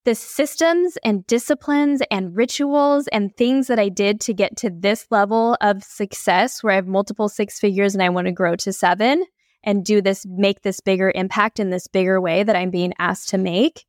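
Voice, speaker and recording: A woman's voice: medium pitch, level tone, moderate pace, no echo, clean studio sound. A woman coach and podcast guest telling stories with energy, acting out her own inner dialogue. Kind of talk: energetic storytelling in an interview.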